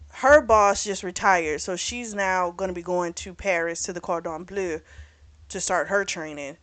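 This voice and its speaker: A woman's voice: medium pitch, fairly bright tone. A woman casually recapping a romance novel for her book review channel, candid and chatty, swearing freely as she retells the scenes.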